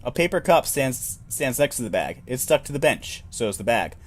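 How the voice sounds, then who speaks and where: Man, solo game narrator, wry asides, mid-pitched. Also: very animated, moderate pace, faint music behind. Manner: self-deprecating asides, wry. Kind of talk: reading a solo role-playing game aloud.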